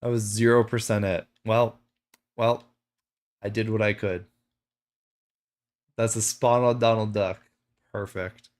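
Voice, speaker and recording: A man's voice: lowish voice, level tone, unhurried, long pauses. A man streaming a game live, chatting casually with a playful, self-mocking manner.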